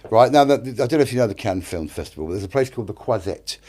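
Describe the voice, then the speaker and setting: Animated British man telling wild stories. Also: fairly low pitch, very fast. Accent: British English. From Britain. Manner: animated, heavy swearing, acts out other people's lines. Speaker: actor and director, interview guest. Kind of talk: casual storytelling. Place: podcast studio.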